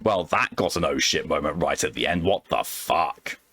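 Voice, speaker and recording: A man's voice: very deep voice, animated, normal speed, a bit bright, slightly rough, dry recording, studio quality. A man streaming live, reading stories aloud and chatting casually between them, with offhand swearing.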